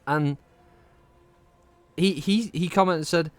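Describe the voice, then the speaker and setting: A man's voice: a little high, slow, no echo. Sweary Northwest English gamer man. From Northwest England. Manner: rambling, sweary banter. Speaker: gaming streamer. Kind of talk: casual gameplay commentary.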